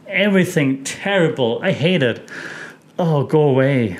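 A man's voice: a little high, normal speed. A man hosting a casual wrestling recap, chatty and opinionated, with many fillers and restarts. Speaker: wrestling podcast host.

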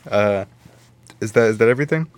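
A man's voice: fairly low pitch, a little fast, clean tone, dry recording. A young man hosting a podcast, laid-back and laughing easily in casual chat. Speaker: podcast host.

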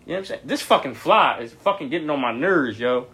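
A young man hosting a podcast, telling stories in a blunt, profane, animated way. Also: a little high, fast, husky. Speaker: podcast host. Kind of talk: casual storytelling monologue.

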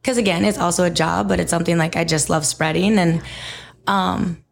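A woman's voice: fairly low pitch, steady tone, a little fast, gravelly. A young woman, a fitness instructor, talking casually as a podcast guest, rambling with many fillers. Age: young adult. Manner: rambling, heavy use of "like" and "um". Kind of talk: casual conversation.

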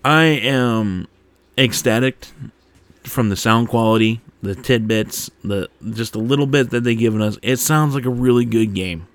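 A man hosting a podcast, reading a game blog post aloud and breaking off to laugh and comment excitedly. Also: medium pitch, unhurried, no room sound. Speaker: podcast host.

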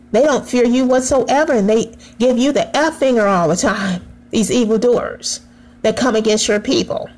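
A woman leads a prayer aloud in a fairly high voice, fervent and pleading, repeatedly coming back to one address to God. The recording quality is low.

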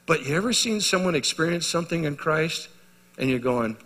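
A middle-aged male pastor preaching a sermon, telling a story and moving from hushed to loud and emphatic. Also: fairly high pitch, animated, moderate pace. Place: church hall. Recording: reverberant church hall.

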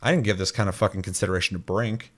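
A man in casual chat, loose and profane, rambling with lots of fillers and quick mimicked asides. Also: low-pitched, fairly even intonation.

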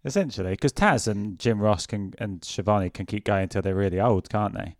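Dude chatting wrestling, laid back, kinda unsure, dry close mic. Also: male voice, lowish voice, brisk, no echo. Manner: relaxed, questioning, hesitant. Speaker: podcast co-host. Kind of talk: casual wrestling chat.

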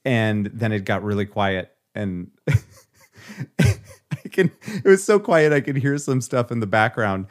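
A man in casual conversation, telling an animated story, acting out quoted lines and laughing often. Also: on the low side, slow.

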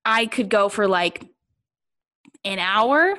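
A woman's voice: mid-range voice, animated, slow pace, bright, forceful tone, poor audio. A woman in casual chat, talking in a rambling way full of fillers and little laughs. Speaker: guest.

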